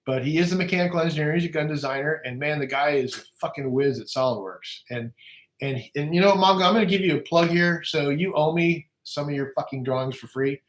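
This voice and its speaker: Brief: man, slightly high voice, loose profane livestream rambler, roomy echo. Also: fast talker. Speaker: livestream guest. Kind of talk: casual livestream chat. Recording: echoey room.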